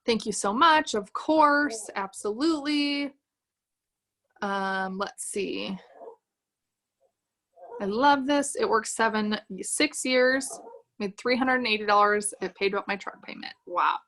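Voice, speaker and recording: A woman's voice: fairly high pitch, takes it slowly, pauses often, pushed and bright, a little hiss or hum. A woman leading a sales team on a livestream, giving an upbeat motivational talk and reading comments from the chat aloud. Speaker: direct-sales team leader.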